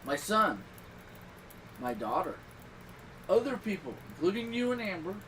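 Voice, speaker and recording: Man, middle-aged, podcast host, casual rambling chat, loud bursts, slightly higher voice, a bit away from the mic. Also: a little slow, recorded from a distance, rough recording. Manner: rambling, animated storytelling with loud outbursts. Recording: voice a little off-mic with clear background noise.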